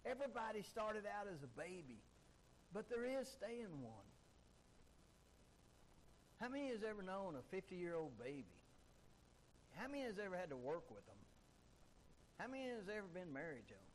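A man's voice: high voice, big pitch swings, normal speed, pauses often, a little hiss or hum, poor audio. A man preaching a sermon emphatically, driving his points home with repeated rhetorical questions. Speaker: pastor.

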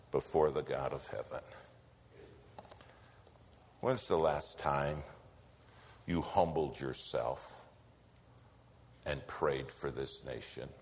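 A man preaching a sermon, telling a story and swinging between loud lines and hushed whispers. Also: very deep voice. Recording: long hall reverb.

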